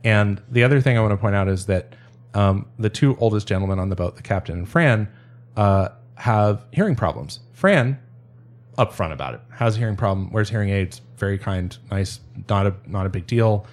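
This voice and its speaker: Speaking at normal speed with lively intonation, a man with a lowish voice tells a story as a guest in a relaxed podcast chat. His telling wanders, with frequent restarts and bursts of laughter.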